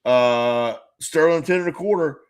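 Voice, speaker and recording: A man with a fairly high voice co-hosts a casual podcast chat. He tells long, rambling stories, plays out both sides of conversations, and curses freely. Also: unhurried, smooth. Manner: rambling storyteller who swears freely and acts out conversations. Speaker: podcast co-host.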